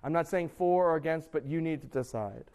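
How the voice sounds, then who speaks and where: A young man preaches to a youth group in a church hall, his voice sitting a little high for a man. He talks in a loose, joking way, full of fillers and restarts, and tells stories between his points. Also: fairly quick. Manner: casual, joking, lively storytelling with many fillers and restarts. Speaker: youth pastor. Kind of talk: sermon.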